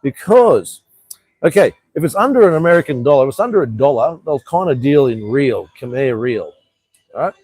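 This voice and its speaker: A man's voice: medium pitch, animated, moderate pace, a little mellow, breathy edge, dry recording. A man hosting a casual live stream, joking around, using loose slang and swearing freely. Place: living overseas in Cambodia.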